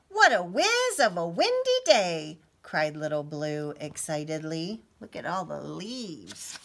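A woman teacher reading a picture book aloud to children, expressive and pausing to ask the listeners questions. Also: mid-range voice.

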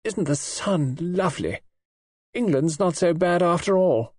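A man puts on a spoiled young wife for an audiobook, her voice raised and sulky with wide, lively swings. She coaxes and pouts in a slightly husky tone, recorded dry and close. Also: a little high, moderate pace, dry recording, voice pushed up. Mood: petulant, dreamy. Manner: coaxing, sulky, lightly raised voice.

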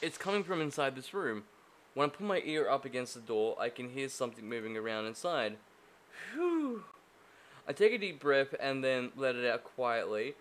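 A man playing a game aloud, reading its first-person narration and breaking off into loud, profane jokes and rants. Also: mid-range voice, sing-song, normal speed, a little hiss or hum. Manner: profane, loud joking outbursts. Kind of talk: let's-play commentary and first-person narration.

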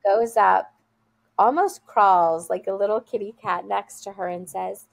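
A woman's voice: medium pitch, steady tone, unhurried, gravelly. A woman working as a school guide, telling an earnest, heartfelt story in an interview and repeating phrases for emphasis.

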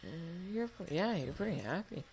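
A man's voice: sits high, sing-song, a little fast. A man giving joking, casual commentary while playing a video game, talking back to the characters on screen. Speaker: gamer. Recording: loud gunfire and game noise behind.

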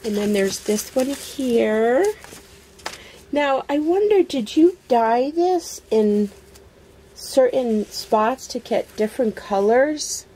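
A woman vlogger unboxing a craft swap package in casual chat, gushing over each item with excited exclamations. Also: fairly high pitch, slow, a little hiss or hum.

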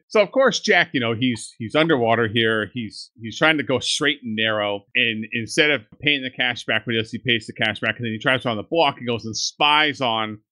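A man with a bright, forward voice co-hosts a casual podcast. He recaps a TV episode with animated energy, slipping into quick impressions of the characters and laughing often. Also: medium pitch. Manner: animated retelling, acting out quotes, laughs often. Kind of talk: casual chat.

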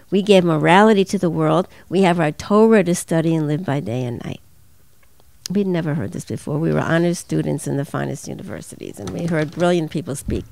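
An older woman telling her story as an interview guest, earnest and measured, stressing each point. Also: low voice, creaky, a little mellow, dry recording.

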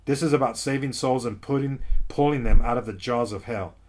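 A man's voice: mid-range voice, brisk, darkish tone. A man preaching to an online audience as host of his ministry, urgent and insistent, repeating phrases and calling listeners "folks". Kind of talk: preaching to camera.

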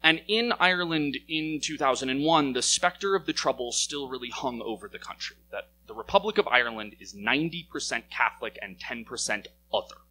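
Bright-voiced American man telling a story. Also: mid-range voice, fairly quick, few pauses, a little hiss or hum, rough recording. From United States. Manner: lively and wry, voice rising as it builds. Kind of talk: live story slam telling. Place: stage in a small venue.

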